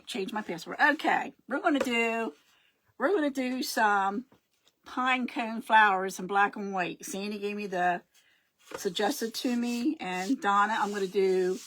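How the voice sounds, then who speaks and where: A woman's voice: medium pitch, a little slow, a bit bright, a little hiss or hum. A middle-aged woman hosting a casual live craft stream, rambling and chatty, often losing her words and greeting her viewers.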